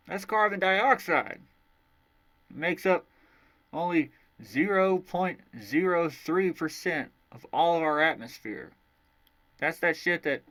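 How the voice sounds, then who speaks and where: Male book reviewer, sarcastic, swears a lot, slow deliberate delivery, higher voice. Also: fairly bright tone. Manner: profane, sarcastic ranting.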